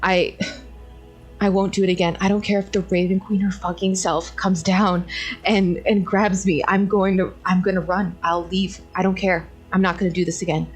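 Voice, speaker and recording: A woman's voice: medium pitch, level tone, moderate pace, husky, soft background music, lightly acted. A woman voicing a distraught young adventurer woman who halts, repeats herself and swears as she refuses her fate. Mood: desperate.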